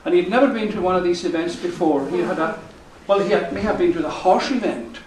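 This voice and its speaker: High-voiced male folk storyteller, chatty and chuckling, on an echoey live mic. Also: fairly quick, darkish tone, far from the mic, slight background noise. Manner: rambling, chuckling, with self-corrections. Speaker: folk musician telling a story on stage. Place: live concert venue.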